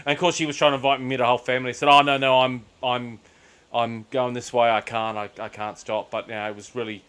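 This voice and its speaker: A man's voice: medium pitch, flat delivery, fast talker, a bit bright, clean tone. Aussie guy streaming a game, rambles thru stories, swears a lot, does little voices. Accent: Australian. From Australia. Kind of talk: casual chat while gaming.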